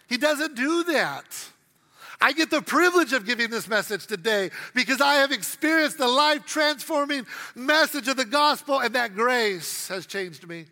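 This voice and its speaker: A middle-aged pastor preaches a humorous sermon, acting out quotes as he tells stories. His very high voice is pushed and bright, animated at normal speed, with a big-room sound.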